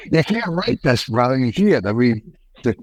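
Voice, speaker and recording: An older American man, a retired wrestler, telling a story in a folksy, animated way and acting out the quotes. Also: mid-range voice, poor audio. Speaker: podcast guest, retired wrestler. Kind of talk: casual storytelling interview.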